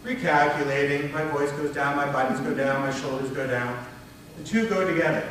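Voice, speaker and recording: A man leading a conference workshop on public speaking, talking in a conversational, animated way to an audience. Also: mid-range voice, a little fast, distant mic, slight background noise. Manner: conversational, animated, demonstrates tones with his voice. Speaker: workshop presenter. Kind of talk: conference breakout talk. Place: conference room before an audience. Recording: very echoey room recorded from afar.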